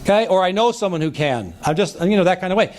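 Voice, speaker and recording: Expressive and quick, a sales trainer with a high, slightly mellow voice teaches a seminar to a live audience, acting out the dialogue he describes and regularly checking in with listeners.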